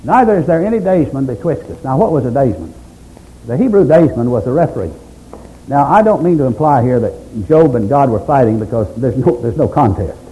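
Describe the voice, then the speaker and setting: A man's voice: medium pitch, animated, brisk, dark tone, poor audio. A man preaching a sermon, emphatic, stacking up repeated phrases.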